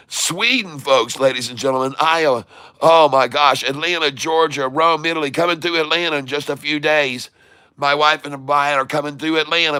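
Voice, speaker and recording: Excitable man hosting a live stream. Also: on the high side, smooth, dry recording. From Michigan. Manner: excitable, reading out viewer shout-outs. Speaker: livestream host. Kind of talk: casual livestream chat.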